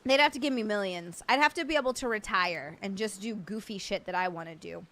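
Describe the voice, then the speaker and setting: A woman's voice: medium pitch, brisk, fairly bright tone. A young woman live streamer chatting casually with her viewers from home, playful and blunt, often laughing. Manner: blunt and playful with crude jokes. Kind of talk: casual livestream chat answering viewers.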